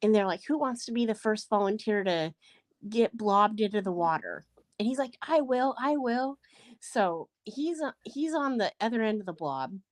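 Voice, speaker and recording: A woman's voice: medium pitch, lively intonation, normal speed, no echo. A woman on a live panel chat, telling a story in a rambling, hesitant way with many fillers. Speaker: panel guest. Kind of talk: casual chat.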